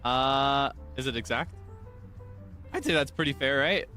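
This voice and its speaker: A man's voice: medium pitch, measured pace, bright, forceful tone, faint music behind. A young man streaming, chatting casually in a rambling, self-correcting way with frequent chuckles.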